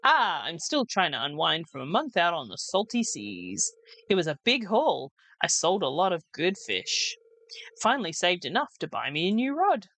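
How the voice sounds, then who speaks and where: A woman's voice: fairly low pitch, big pitch swings, normal speed, a bit bright, no room sound. A woman voicing a friendly, folksy old male fisherman from a farming video game, reading his lines in her own voice. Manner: easygoing, homespun sayings.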